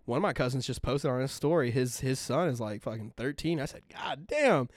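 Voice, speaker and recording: A man's voice: medium pitch, brisk, no echo, studio quality. A young man co-hosting a podcast in casual chat, swearing freely, laughing often and acting out the people in his stories. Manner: animated, profane, laughs often, acts out quoted people. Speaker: podcast co-host.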